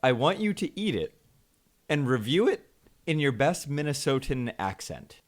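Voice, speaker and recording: A man's voice: mid-range voice, very animated, moderate pace, loud music behind the voice. A man hosting a podcast, casually chatting and teasing his guest in a playful way. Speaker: podcast host. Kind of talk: casual chat with a scripted show intro.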